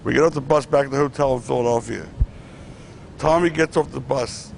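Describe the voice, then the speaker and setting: Middle-aged guy, low gravelly voice, rambling stories with lots of restarts, faint hiss behind. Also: brisk. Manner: rambling anecdotes with restarts, acts out quotes. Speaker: former wrestling promoter. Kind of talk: casual storytelling interview. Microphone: clip-on mic.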